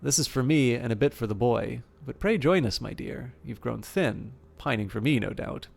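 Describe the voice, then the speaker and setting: Man putting on a gravelly sardonic elf warrior. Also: mid-range voice, moderate pace. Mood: teasing. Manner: sardonic, blustering oaths. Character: proud hot-tempered male elf warrior.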